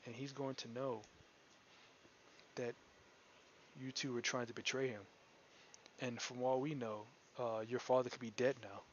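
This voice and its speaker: A man's voice: mid-range voice, little pitch movement, unhurried, long pauses, muffled recording, slight background noise. A man narrating as game master, rambling and restarting his sentences often.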